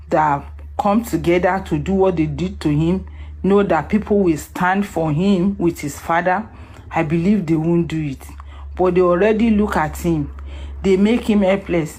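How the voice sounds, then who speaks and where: An emotional woman on the line, close to tears, her voice pitched somewhat low. She speaks earnestly and pleads her point. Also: a little mellow.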